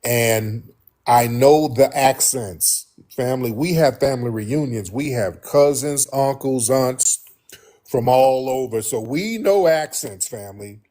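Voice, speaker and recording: A man's voice: mid-range voice, slow, dark tone. Emphatic American man talking to viewers. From United States. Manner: emphatic and repetitive, calls viewers "family". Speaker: host. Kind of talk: casual commentary to viewers.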